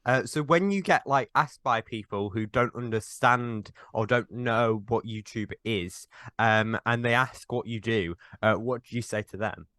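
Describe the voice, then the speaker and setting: A young man hosting a casual interview podcast, earnest and a little halting as he introduces and questions his guest. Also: mid-range voice, bright, forceful tone, dry recording, studio quality. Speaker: podcast host.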